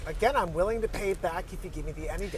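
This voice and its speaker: A man's voice: high-pitched, very fast, a little hiss or hum, natural voice. A man playing a timid, apologetic little lady who is a scam target, turning smug as she outsmarts the caller. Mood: meek.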